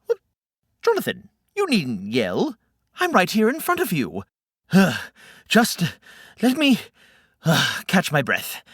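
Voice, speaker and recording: A man voicing a frantic, excitable male forest neighbor who is breathless, shouty and easily confused. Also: fairly high pitch, slow, long pauses, slightly rough, no echo, studio quality, exaggerated voice. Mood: flustered.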